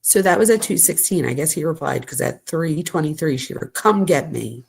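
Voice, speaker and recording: A woman's voice: low-pitched, animated, a little fast, vocal fry, a little mellow, slightly rough. A woman hosting a true crime show, reading text messages aloud and adding blunt, wry asides. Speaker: true crime host and psychology professor.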